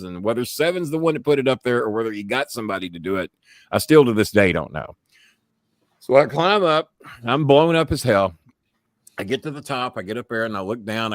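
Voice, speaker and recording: A man's voice: medium pitch, no room sound, clean studio sound. A man hosting a casual chat show and telling a profane wrestling story. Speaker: show host.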